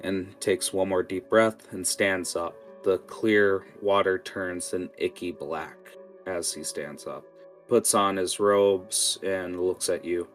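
Game master guy, slow and low, lots of uhs, faint guitar music behind. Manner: relaxed, halting, with many fillers. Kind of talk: narrating a tabletop game.

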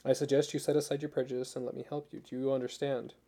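A man's voice: mid-range voice, little pitch movement, quick pace, mellow, lightly acted. A man voicing a woman surgeon who talks in a clipped, matter-of-fact way. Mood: clinical, firm. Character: brisk, blunt woman surgeon, cool and authoritative.

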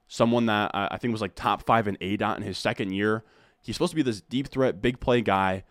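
Male video host, low voice, dry close mic, chatty and emphatic, voice a bit worn. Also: no echo. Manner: enthusiastic, repetitive emphasis. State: losing his voice, throat clearing. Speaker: fantasy football content creator. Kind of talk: casual video commentary.

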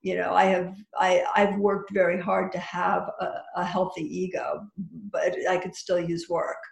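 A woman's voice: fairly low pitch, flat delivery, a little slow, creaky, roomy sound. A woman talking as a podcast guest who teaches psychic workshops, chatty and full of restarts and advice. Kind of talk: casual podcast chat.

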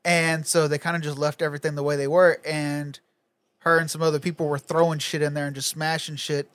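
A man's voice: fairly high pitch, little pitch movement, a little fast, fairly bright tone, smooth. A young man telling a laid-back story in casual chat, laughing and swearing freely.

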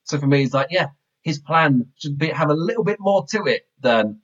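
A man casually reviewing a wrestling show, animated and laughing often. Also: on the high side, moderate pace. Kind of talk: casual review chat with commentary. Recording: slightly dull lo-fi mic.

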